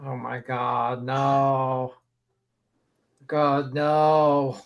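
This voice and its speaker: A man's voice: medium pitch, normal speed. A man on a livestream panel, blunt and swearing freely in casual chat. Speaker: panel guest.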